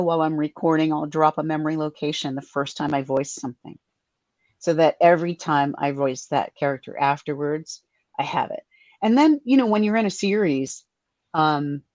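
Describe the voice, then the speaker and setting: A woman audiobook narrator on a panel, talking in an animated way with quick asides over a video call. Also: low-pitched, dry recording, highs cut off. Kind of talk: casual panel talk.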